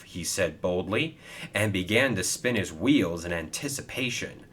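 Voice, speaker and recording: A man narrates a children's toy-train story in a scripted, animated way. His voice has a husky grain and moves with lively pitch. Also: unhurried.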